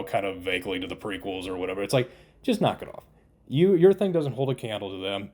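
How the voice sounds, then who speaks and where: A man's voice: mid-range voice, big pitch swings, fairly quick, darkish tone. A man giving a casual spoken TV review, exasperated and incredulous, often laughing in disbelief. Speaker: TV show reviewer.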